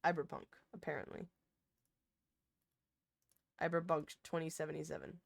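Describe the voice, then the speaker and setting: A young woman streamer chatting casually with her chat, rambling and interrupting herself, now and then breaking into loud laughter. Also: low voice, steady tone, moderate pace, creaky, no room sound, clean studio sound.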